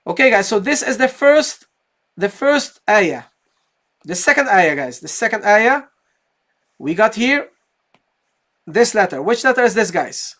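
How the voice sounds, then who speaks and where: A woman's voice: medium pitch, sing-song, measured pace, pauses often, fairly bright tone. Patient woman teaching Quran recitation. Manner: explains step by step, often checks in with "okay, guys?"; asks and answers own questions. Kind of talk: live online tajweed lesson.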